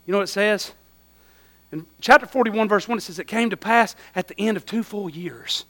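A man preaching a sermon, swinging from hushed asides to loud, fervent cries. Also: high-pitched, moderate pace, long pauses.

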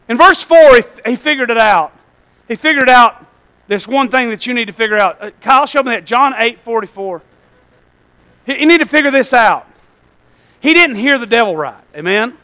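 High, bright-voiced preacher. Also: male voice, animated, fairly quick, smooth. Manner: call-and-response, asking "Amen?"; swings between shouting and quiet asides. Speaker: pastor. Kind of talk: sermon. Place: church.

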